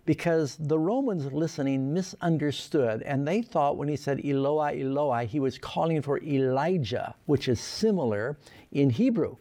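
Man preaching a sermon, mellow tone. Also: a little high, animated, normal speed. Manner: earnest, reads scripture aloud with rising emphasis.

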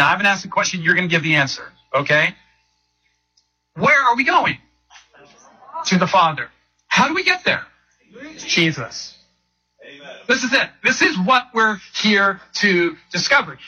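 A man preaching a sermon to a congregation, animated, leading call-and-response and acting out quotes. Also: high voice, breathy edge, rough recording. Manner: acts out quotes in shifting voices. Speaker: pastor.

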